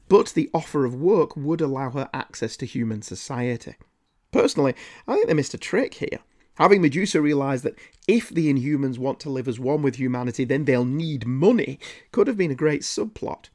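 A man's voice: fairly high pitch, a little mellow. A man narrating a scripted comic book review with dry, sarcastic asides.

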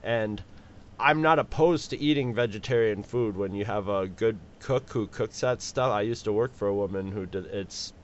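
A man co-hosting a casual podcast, relaxed and halting, often repeating words as he talks. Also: fairly low pitch, highs cut off, a little hiss or hum. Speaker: podcast co-host.

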